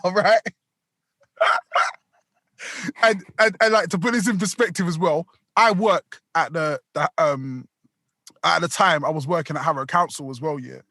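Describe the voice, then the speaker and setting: High, bright-voiced man telling a story. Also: dry recording, studio quality. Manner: rambling, full of slang and swearing. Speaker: podcast co-host. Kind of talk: casual storytelling.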